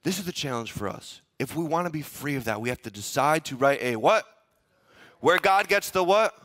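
Preaching in church, a man animatedly plays out what a biblical figure was thinking and has the congregation repeat phrases after him. His voice sits on the high side, a bit bright, at a moderate pace.

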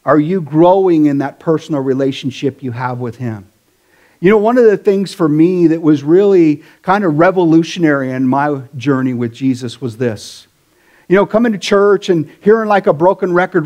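A man's voice: on the high side, moderate pace, darkish tone, highs cut off. A middle-aged man, a pastor, preaching a sermon in a casual, conversational way with slang.

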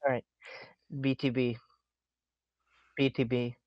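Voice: mid-range voice, flat delivery, slow, no room sound, highs cut off. Teasing, laughing gamer on a dry mic. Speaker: fellow player. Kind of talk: casual gaming chat.

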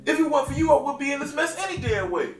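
A man's voice: extremely high pitch, expressive, rapid-fire, roomy sound, a little hiss or hum. An actor playing a cocky, brash, wealthy male pro athlete who boasts and mocks on a phone call. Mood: boastful. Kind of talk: indie web drama acting.

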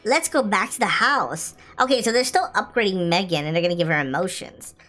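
A woman hosting a casual gameplay video, chatty, excitable and often giggling as she plays. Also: medium pitch, brisk, soft background music. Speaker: gaming video host.

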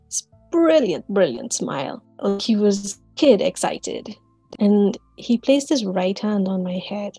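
A woman in her forties tells her story with an earnest, unhurried delivery and a warm, mellow tone. Her phrasing is deliberate, sometimes circling back on a word. The sound is close and dry, with soft music far behind. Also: mid-range voice, slightly rough, no echo. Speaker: author and counselor sharing a near-death experience. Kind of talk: personal testimony.

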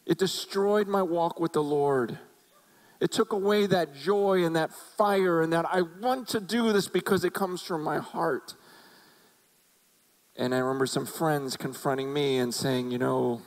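A man's voice: high voice, fairly even intonation, normal speed, poor audio. A middle-aged male pastor giving an earnest, confessional testimony that builds to emotional intensity. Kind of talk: personal testimony sermon.

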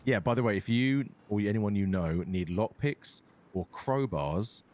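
Deep-voiced British man in role-play banter. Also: unhurried, a little mellow. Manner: matter-of-fact, swears casually, laughs easily. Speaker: game streamer in role-play. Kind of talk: in-character role-play chat.

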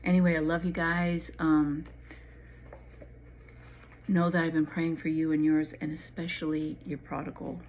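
A middle-aged woman hosting a Christian channel, giving an earnest, pleading devotional talk that sometimes drops to a soft whisper. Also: deep voice, level tone, measured pace, pauses often, rough recording. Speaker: Christian channel host and author. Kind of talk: devotional talk and poem reading.

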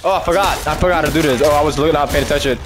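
A man's voice: fairly high pitch, racing, over music. A young man giving casual gameplay commentary, exclaiming and swearing in frustration as he keeps losing. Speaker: gaming streamer.

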